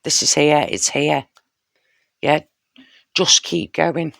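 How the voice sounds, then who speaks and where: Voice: medium pitch, fairly even intonation, takes it slowly, gravelly, fairly bright tone, no room sound, studio quality. A tarot reader giving a casual spoken reading straight to the viewer, heartfelt and intimate, often checking in with "you know" and "yeah?".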